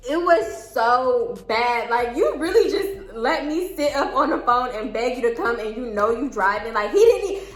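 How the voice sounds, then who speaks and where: Casting: lively young woman, slightly high voice, storytime vlog, echoey room, faint music. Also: moderate pace, few pauses. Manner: animated, laughing, dramatic re-enactments. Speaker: storytime vlogger. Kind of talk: casual storytelling.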